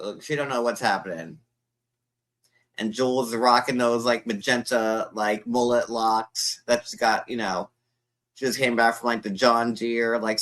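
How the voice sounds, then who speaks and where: A man's voice: mid-range voice, a bit bright. A man co-hosting a casual gossip stream, crude and mocking, often slipping into silly impressions of others.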